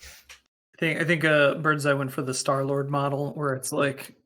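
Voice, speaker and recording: Male player, fairly high voice, offhand jokester. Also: flat delivery, unhurried, sharp tone. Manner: joking, offhand. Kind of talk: casual tabletop play.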